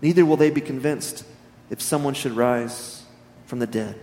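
A man reading the part of a solemn old patriarch, grave and measured. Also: medium pitch, mellow, natural voice. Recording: echoey hall.

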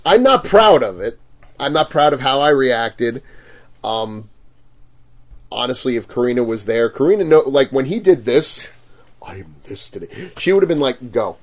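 A man's voice: mid-range voice, animated, moderate pace. A man casually telling a story about a rude customer at his convention booth, acting out the quotes, swearing and laughing often.

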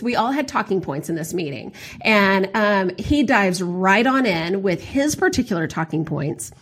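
Husky-voiced woman telling a story. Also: medium pitch. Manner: animated, chatty, lots of fillers. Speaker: podcast host. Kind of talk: casual storytelling monologue.

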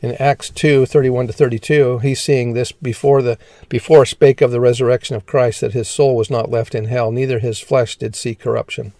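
A man's voice: mid-range voice, little pitch movement, normal speed, hardly any pauses, warm tone, no echo. A man teaching a scripture lesson, reading verses aloud one after another and often stumbling and correcting himself. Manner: reads verses plainly, stumbling and self-correcting.

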